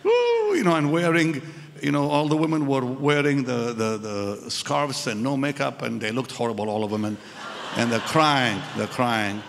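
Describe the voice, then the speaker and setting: A man's voice: medium pitch, steady tone, moderate pace, vocal fry, a little hiss or hum. A man preaching a sermon at a live church service, telling a personal story and acting out the voices of the people in it. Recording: live church hall with reverb and music.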